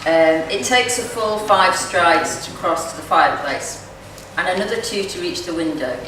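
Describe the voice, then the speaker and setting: Brief: woman poet reciting her own verse, slightly low voice, distant mic in a very echoey hall. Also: expressive, normal speed, noisy background. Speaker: poet reading at a community event. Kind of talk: poetry reading. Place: community event venue.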